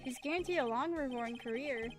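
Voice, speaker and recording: Woman doing a game's news anchor; even, formal newsreader read with a high voice. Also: fast talker, music in the background, lightly acted.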